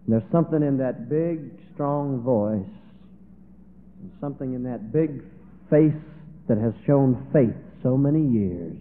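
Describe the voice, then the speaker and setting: A man's voice: mid-range voice, expressive, slow pace. A man preaching, telling a story in a dramatic, emotional way. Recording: tinny, phone-like echoey hall.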